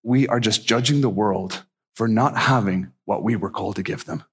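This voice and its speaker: A man preaching a sermon, telling stories and acting out the people in them with lively swings of voice. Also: lowish voice, moderate pace, husky. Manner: animated storyteller who acts out the people in his stories. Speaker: pastor.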